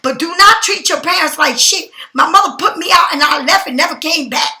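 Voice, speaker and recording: A woman's voice: very high-pitched, fairly quick, pushed and bright, reverberant. A middle-aged woman tarot reader speaking bluntly and emphatically to her viewers in a spontaneous monologue.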